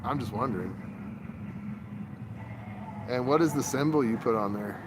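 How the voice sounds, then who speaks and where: A man's voice: medium pitch, moderate pace, background noise. A man chatting casually to his livestream viewers, rambling from topic to topic, recorded on a phone outside. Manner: rambling, talks to chat.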